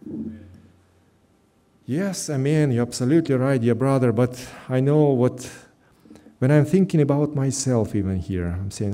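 A middle-aged man, preaching a sermon as a pastor in an earnest, emphatic way with slow stressed phrases. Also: medium pitch, mellow. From Russia.

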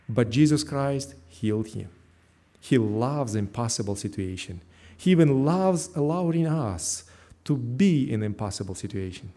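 A man's voice: medium pitch, dark tone. A man preaching a sermon as pastor, earnest, repeating his key phrases with slightly non-native grammar. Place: church.

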